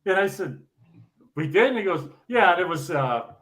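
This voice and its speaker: A high-voiced man spinning old bowling-tour stories in a loose podcast chat. He laughs as he talks and doubles back on his words, stacking one "he goes" on the next. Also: sing-song, normal speed, fairly bright tone. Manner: laughs often, repeats words while telling stories. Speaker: retired bowling pro guest. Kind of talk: casual storytelling chat.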